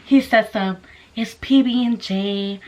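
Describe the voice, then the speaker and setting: A young woman telling a story casually to the camera, swearing constantly and acting out voices with animated energy. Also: medium pitch, slow, slight background noise. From Mexican-American. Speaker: vlogger.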